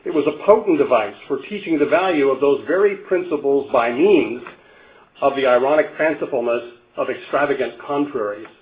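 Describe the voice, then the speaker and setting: A man's voice: medium pitch, normal speed. An older man from Canada giving a conference lecture, a wry storyteller who chuckles at his own jokes and stumbles over restarts. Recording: phone-like narrow band.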